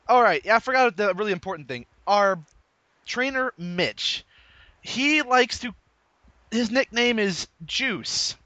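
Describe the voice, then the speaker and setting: A man's voice: sits high, dry recording, dull audio. A young man telling stories about his new call center job in casual chat, laughing often as he talks. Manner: laughing often, animated storytelling.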